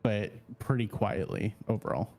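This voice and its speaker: A man's voice: on the low side, normal speed, a little mellow. A man running a tabletop game as game master, describing scenes in a laid-back, plain way.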